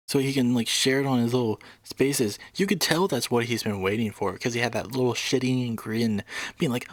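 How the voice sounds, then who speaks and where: A man's voice: mid-range voice, steady tone, a little fast, dry recording. A man commenting casually on a debate clip, indignant and swearing freely. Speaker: reaction video host.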